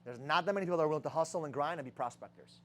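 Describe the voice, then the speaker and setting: Young male sales leader, high voice, brash and profane, fires off rhetorical questions at his team. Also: rapid-fire, a bit bright. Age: young adult. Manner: rhetorical questions, heavy swearing. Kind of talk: profane motivational sales talk.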